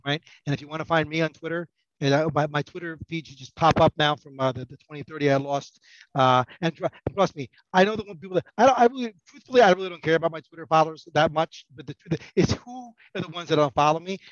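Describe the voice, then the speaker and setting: A man's voice: a little high, fast, no echo, dull audio. A middle-aged man chatting as a podcast guest, rambling and self-mocking, with many restarts. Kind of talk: casual podcast banter.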